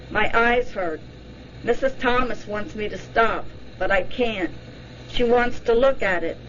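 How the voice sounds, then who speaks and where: A woman's voice: mid-range voice, a little hiss or hum, natural voice. A woman voicing a frightened woman reliving an abduction under hypnosis, pleading in the first person, on a dull lo-fi recording.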